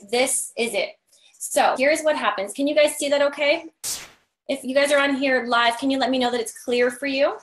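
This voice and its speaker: Woman business coach, fairly high voice, going hoarse, chatty and filler-heavy, in a roomy echoing space. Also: fairly bright tone. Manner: chatty, filler-heavy, keeps asking "right?". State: losing her voice. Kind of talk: live-streamed scheduling tutorial.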